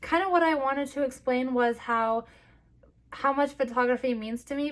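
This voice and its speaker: A young woman talking to camera in a personal vlog, tearful and short of breath, halting with fillers and restarts. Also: a little high. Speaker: vlogger.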